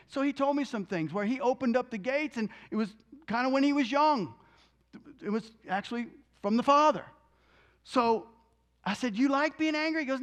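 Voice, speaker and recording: A minister telling a healing testimony in an animated storytelling way, acting out the people in the story and tossing in joking asides. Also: male voice, very high voice, brisk.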